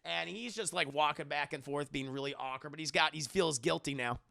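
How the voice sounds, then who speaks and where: A man with a high, gravelly and very bright voice recaps a movie in a rambling, swearing, animated way, talking straight to his co-host. The room is small and completely dry, with no echo. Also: brisk. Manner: profane, rambling, animated, addresses co-host directly. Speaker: movie reviewer. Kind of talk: casual comedic movie recap.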